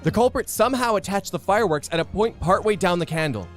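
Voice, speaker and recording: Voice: mid-range voice, animated, quick pace, faint music behind. A streamer playfully reading game dialogue aloud during a let's play and laughing often. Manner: laughs often, reads lines with dramatic flair.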